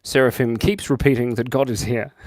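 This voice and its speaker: A young Australian man chatting casually with his viewers while he draws on a livestream, playful and quick to jump from excited to quiet. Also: dry recording, studio quality. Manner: playful, jumps between high excited bursts and quiet mumbles. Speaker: livestream host drawing for chat. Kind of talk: casual live-stream chat while drawing.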